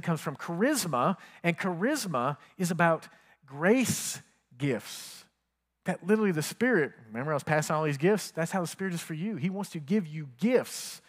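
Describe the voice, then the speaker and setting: A man's voice: fairly high pitch, fairly bright tone, in a large hall. A man preaching a sermon as pastor, talking conversationally and asking the congregation questions.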